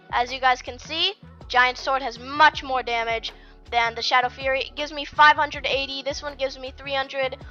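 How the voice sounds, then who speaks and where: Bright high-voiced woman, rambling game commentary. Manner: rambling, with many fillers and restarts. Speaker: gaming video creator. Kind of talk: casual gameplay commentary. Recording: dull lo-fi mic with faint music.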